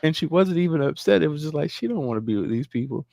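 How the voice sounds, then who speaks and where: Man, 30s, slightly high voice, gravelly, animated storyteller, swearing, podcast chat. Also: fast, dry recording. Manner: animated, swears freely, laughs through his own stories. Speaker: podcast co-host.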